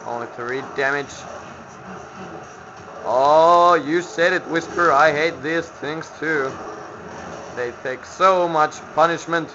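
This let's play features a Finnish man whose slightly high voice moves slowly, with frequent pauses. He grouches, makes sarcastic remarks and swears at the game's enemies, all captured on a lo-fi home mic with background noise.

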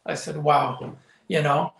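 A man's voice: a little high, flat delivery, slow pace, creaky, fairly bright tone. An older man, a former wrestling commentator, telling stories in a candid interview, acting out quoted dialogue and often saying "you know.". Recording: echoey room.

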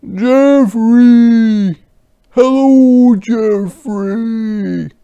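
A man voicing an anxious animal friend who calls out loudly for a groundhog, read aloud to children. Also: a little high, takes it slowly, creaky, dull audio, voice pushed up. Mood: calling out.

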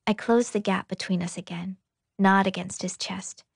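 A woman narrating a novel in an intimate, breathy, half-whispered audiobook reading. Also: medium pitch, fairly even intonation, moderate pace, no room sound, clean studio sound.

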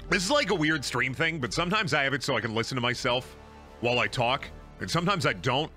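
A man's voice: medium pitch, expressive, a little fast, long pauses, bright, forceful tone, faint music behind. A man streaming a video game, joking crudely and talking to his chat. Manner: joking, crude, talks to chat, bursts into silly voices. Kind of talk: casual gameplay commentary.

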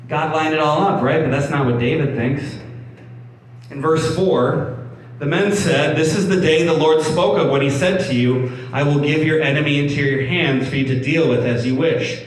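A man's voice: fairly high pitch, normal speed. A male pastor giving a sermon, reading scripture and explaining it conversationally, often restarting and repeating words. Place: church hall. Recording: echoey room, mic at a distance, faint background hum.

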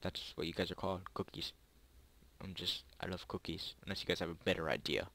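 A young man, maybe a teenager, giving chatty, rambling gameplay commentary to his viewers, with excited yelps and pleading during close calls. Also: deep voice, fairly quick, no echo. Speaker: gaming YouTuber.

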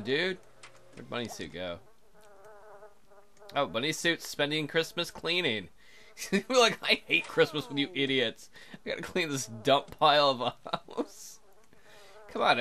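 A man's voice: medium pitch, bright, forceful tone. A man hosting a casual let's play, joking crudely and chatting to the characters on screen as he plays. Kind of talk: casual game commentary.

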